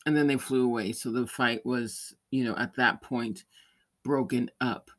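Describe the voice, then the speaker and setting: A man of middle pitch hosting a relaxed talk show, wandering through an anecdote. He keeps restarting his sentences and laughs lightly as he goes, in easy, casual chat. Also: measured pace. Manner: rambling storytelling with many restarts and light laughs. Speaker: podcast host; parent or caregiver.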